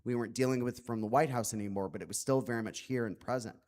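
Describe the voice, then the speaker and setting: A man's voice: mid-range voice, racing, darkish tone. A man speaking as an author at a public book talk, earnest and reflective, with many "like" fillers.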